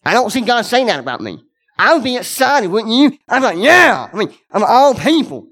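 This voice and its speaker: A man's voice: very high voice, big pitch swings, brisk, a bit bright. A man preaching a sermon, earnest and conversational, speaking directly to his congregation and repeating key words for emphasis.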